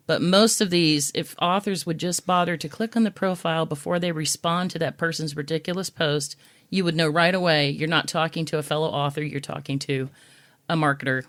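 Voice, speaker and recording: A woman co-hosting a podcast in casual chat, telling stories in an animated, indignant way. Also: sits low. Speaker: podcast co-host.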